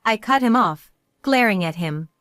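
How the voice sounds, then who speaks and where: A middle-aged woman narrating a scripted first-person story at a mid pitch, calm and resolute. Her delivery is measured and the sound is dry and close to the mic. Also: dry recording.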